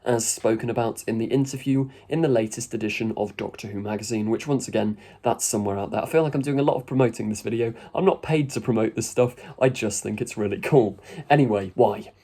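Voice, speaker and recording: A man's voice: lowish voice, fast, few pauses, mellow. A man giving a chatty, rambling video review with casual asides. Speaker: YouTube reviewer.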